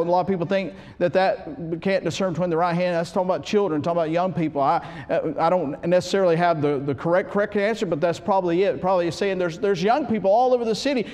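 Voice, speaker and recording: A man preaching a sermon in a church, swinging from hushed to loud and often restarting his sentences. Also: sits high, fast, hardly any pauses, in a large hall. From United States. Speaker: pastor.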